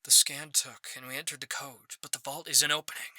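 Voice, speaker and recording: A man voicing a nervous young man in disguise as a bank manager, speaking low and hushed. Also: flat delivery, brisk, no room sound.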